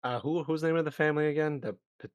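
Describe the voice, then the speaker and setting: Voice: medium pitch, fairly even intonation, rapid-fire, muffled recording. A player chatting at a tabletop game, joking and apologetic. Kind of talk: casual tabletop game chat.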